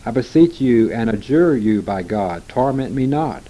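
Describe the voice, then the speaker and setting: A man's voice: mid-range voice, expressive, normal speed, dark tone, natural voice. A man voicing a horde of male demons, speaking in a pleading, urgent way.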